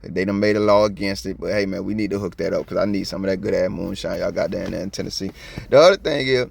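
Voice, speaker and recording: A man from Georgia with a Southern accent, giving slangy, preachy video commentary that swings from soft to loud. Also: deep voice, fast, gravelly, slight background noise. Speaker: copwatch commentator.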